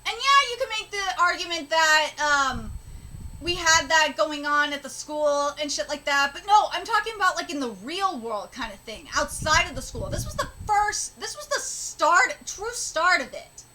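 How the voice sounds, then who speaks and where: A woman streaming a live reaction to a comic chapter, excitable, swearing and laughing a lot as she comments. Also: high voice, normal speed.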